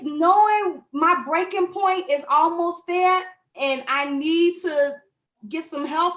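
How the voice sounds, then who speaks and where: A woman's voice: very high-pitched, takes it slowly, a bit bright. A woman speaking emphatically in a casual chat, affirming the others. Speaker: co-host. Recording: echoey room.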